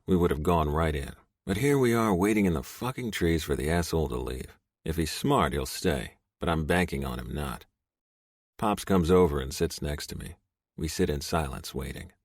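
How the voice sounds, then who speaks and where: A man narrating a romance audiobook in first person, gruff, profane and intense. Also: low-pitched, no echo, studio quality.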